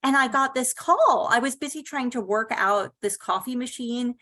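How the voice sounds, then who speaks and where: Middle-aged woman author telling a lively story, kinda high pitched. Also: moderate pace. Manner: animated anecdotal storytelling. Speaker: novelist panelist. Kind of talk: panel discussion storytelling.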